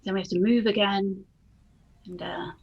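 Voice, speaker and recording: A woman playing a tabletop role-playing game, speaking in halting, trailing phrases. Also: mid-range voice, fairly even intonation, gravelly, muffled recording. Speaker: player.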